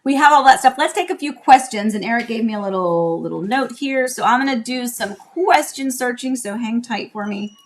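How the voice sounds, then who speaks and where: A woman's voice: on the high side, moderate pace, few pauses, a little hiss or hum. Chatty woman host, rambles with restarts, live from home. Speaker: real estate agent hosting a live show. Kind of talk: casual live-stream chat.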